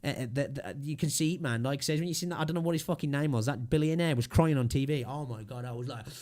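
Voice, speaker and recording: Speaking quickly in a mid-range, darkish voice, a young man streams himself ranting in a casual way. He swears constantly, wanders through filler-laden tangents, and sounds a bit sore in the throat.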